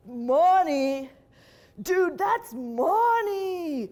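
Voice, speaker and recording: A dim, show-off male devil, as a woman puts him on, loud and drawling, all bro talk. His speech is slow, and his voice sits high for a man. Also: very animated, exaggerated voice. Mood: indignant. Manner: loud, drawling dude slang.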